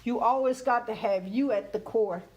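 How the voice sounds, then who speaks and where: A woman's voice: a little high, moderate pace, a little mellow, muffled recording. A woman in her fifties, from Germany, telling personal stories candidly on a talk show, laughing often and checking that she is understood. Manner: candid, laughing, repeats "you hear what I'm saying".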